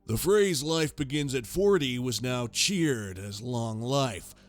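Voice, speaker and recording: A man narrating a sci-fi horror story in a grave, measured way. He takes his time over every line, and faint music plays underneath. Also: mid-range voice, expressive.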